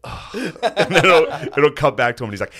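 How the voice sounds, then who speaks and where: A man riffing excitedly in casual podcast chat, swearing and laughing. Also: a little high, fairly quick, crowd noise.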